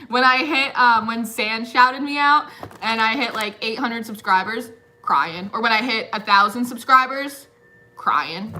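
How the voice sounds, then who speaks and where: A woman's voice: fairly high pitch, normal speed, bright, forceful tone. A young woman reading tarot in a casual, chatty way, giggling often and filling her talk with "like". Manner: chatty, giggly, uses lots of fillers. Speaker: tarot reader.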